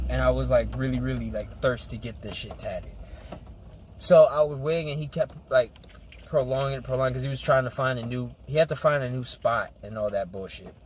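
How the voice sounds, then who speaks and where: A man's voice: mid-range voice, slight background noise. A young man telling a story in loose street slang as a podcast co-host. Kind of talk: casual chat.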